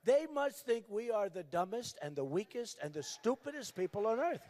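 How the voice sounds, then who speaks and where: An older man giving a campaign rally speech at a podium microphone, repetitive and emphatic, shouting at times. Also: sits high, big pitch swings, moderate pace. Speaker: political candidate. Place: large rally venue.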